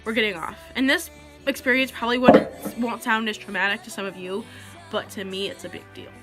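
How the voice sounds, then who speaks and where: A woman's voice: medium pitch, fairly even intonation, fairly quick, over loud music. A teenage girl telling a story to camera in a rambling, chatty way, full of "like.". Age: teenager, about 16. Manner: chatty, rambling, heavy use of "like". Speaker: vlogger.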